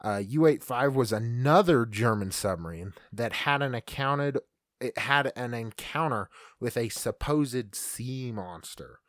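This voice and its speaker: A man's voice: mid-range voice, a little slow, fairly bright tone, no echo, studio quality. A man co-hosting a podcast, casually retelling creepy history stories with fillers and stumbles. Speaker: podcast co-host. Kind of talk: casual storytelling chat.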